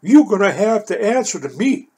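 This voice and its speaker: Man playing a slow, menacing protective friend with a husky rasp. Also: high voice, very animated, darkish tone, voice pushed up, heavily acted. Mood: stern warning. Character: stern man warning a young suitor.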